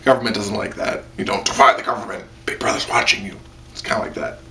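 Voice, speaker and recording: A man's voice: fairly even intonation, quick pace, gravelly, bright, forceful tone. A man giving a casual spoken anime review, rambling with lots of fillers. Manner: rambling, heavy on fillers, jumps into high-pitched mock quotes.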